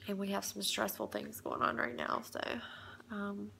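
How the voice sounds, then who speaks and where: A woman in her thirties talks softly into her phone camera in a home kitchen, tearful and hushed so she won't wake her sleeping child. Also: medium pitch, sing-song, normal speed, creaky, slight background noise. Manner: soft, hushed to avoid waking a child. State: tearful, close to crying. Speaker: vlogger, mother. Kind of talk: casual vlog.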